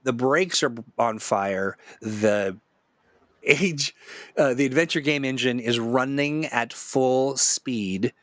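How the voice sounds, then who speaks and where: A man's voice: mid-range voice, slow, fairly bright tone, no echo. A man hosting a loose, jokey chat, drifting from one silly tangent to the next and laughing often. His voice sits in an ordinary middle range and is recorded close and dry, with no room sound around it. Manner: joking, rambling, laughs often. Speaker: host. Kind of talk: casual chat.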